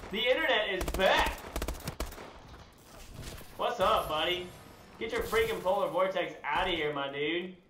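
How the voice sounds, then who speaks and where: Young guy yelling over his shooter game, high voice, echoey room, lots of noise. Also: slow pace, pauses often. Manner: excitable, loud outbursts, laughing. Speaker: gaming streamer. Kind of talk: live gameplay commentary.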